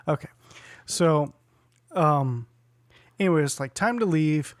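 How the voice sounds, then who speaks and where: Man, forties, podcast co-host, casual storytelling, acts out quotes, slightly high voice, dry close sound. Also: unhurried, no room sound. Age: 40s. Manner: animated storyteller who acts out quotes and laughs often.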